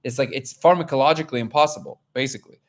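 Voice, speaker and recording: A man hosting a live discussion, telling a personal story in an animated way and acting out quotes. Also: mid-range voice, racing. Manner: animated, acts out quotes, many restarts. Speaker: host.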